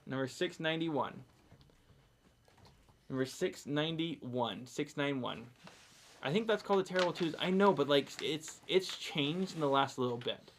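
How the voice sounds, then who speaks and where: Hosting a live sale, a man calls out lot numbers between casual, chatty stories about his family life. His voice is fairly high-pitched at normal speed, with slight background noise.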